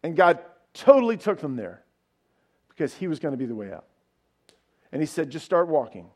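A pastor preaching a sermon, retelling a story in a casual way with asides and rhetorical questions. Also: male voice, a little high.

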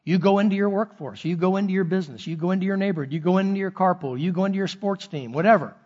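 A pastor preaching a sermon, earnest, acting out short quoted lines of a husband and wife. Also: male voice, sits high, racing, hardly any pauses, a little mellow, muffled recording.

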